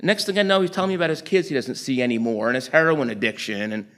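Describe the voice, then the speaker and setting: A middle-aged man from New York City giving a storytelling sermon, acting out conversations in quick animated bursts. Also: mid-range voice. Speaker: guest preacher.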